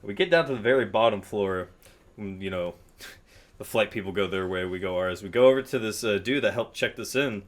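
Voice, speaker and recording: A young man spins a loose, rambling story in a relaxed chat, peppering it with fillers and curses. His voice sits a little low. Keyboard typing clicks away in the background. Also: fairly quick. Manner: rambling, many fillers and swearing. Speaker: guest telling a story while gaming. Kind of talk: casual storytelling.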